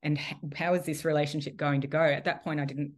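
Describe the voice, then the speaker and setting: A woman being interviewed on a podcast, telling a personal story in a lively way and laughing often. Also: low-pitched, fast talker. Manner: animated storytelling with frequent laughter. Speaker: guest, priestess and healer.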